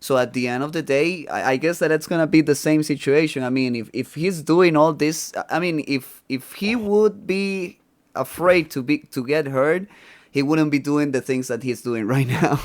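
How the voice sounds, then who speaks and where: A man with Spanish as his first language, hosting a podcast interview in casual chat and often restarting his sentences. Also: medium pitch. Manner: hesitant, many restarts. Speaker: podcast host.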